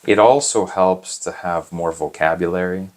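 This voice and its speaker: Deep-voiced man giving earnest advice. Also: normal speed. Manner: earnest and explanatory, with frequent restarts. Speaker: interview guest. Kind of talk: casual interview answers.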